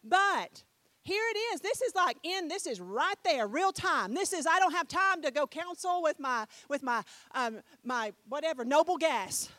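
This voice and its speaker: A middle-aged woman preaching a sermon, telling a story with animated swings between loud and soft and putting questions to her listeners. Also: high-pitched, moderate pace, dry recording. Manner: talks with the audience, asks them questions.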